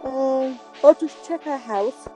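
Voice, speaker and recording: A woman playing a co-op game, unhurried, giving short replies and reading off her quest list. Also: high voice, dark tone. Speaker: co-op player. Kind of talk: casual co-op gaming chat. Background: game music.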